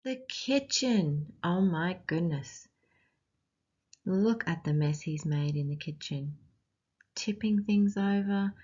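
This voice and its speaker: An Australian woman reads a picture book aloud at an unhurried pace, stopping to ask the children questions. Her voice sits a little low, and she reads it with expression. The recording is muffled and lo-fi. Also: a little mellow, husky. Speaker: teacher.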